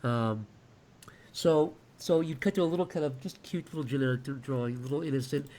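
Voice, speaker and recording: A man's voice: mid-range voice, fairly quick, darkish tone. A man chatting loosely and crudely on a live stream as he sketches and reads out donations. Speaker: streamer and animator. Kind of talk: casual live-stream chat while drawing.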